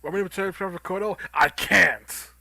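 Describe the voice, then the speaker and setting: A young man explaining game footage in casual chat, calm and teasing. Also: high voice, quick pace, vocal fry, no echo, clean studio sound. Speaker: streamer showing footage.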